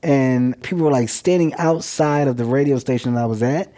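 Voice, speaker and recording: A male comedian being interviewed, brash and playful, landing jokes with confidence. His voice is mellow and warm at an ordinary pitch. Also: fairly quick. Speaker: comedian guest.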